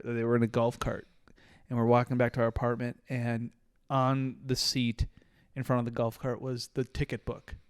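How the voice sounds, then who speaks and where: A man hosting a podcast, casually telling a lively story and laughing often. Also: medium pitch, clean tone, no echo. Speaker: podcast host. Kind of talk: casual chat.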